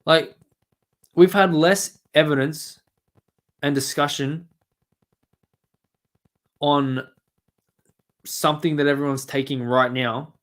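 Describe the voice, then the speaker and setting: A man's voice: a little high, steady tone, slow pace, pauses often, a bit bright. A man with an Australian accent chatting and ranting casually on a stream, swearing often. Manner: ranting, swearing, mumbling asides. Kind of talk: casual profane stream chat.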